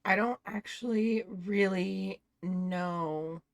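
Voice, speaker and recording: A woman making halting, drawn-out comments in casual chat as a co-host. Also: mid-range voice, creaky, dry recording.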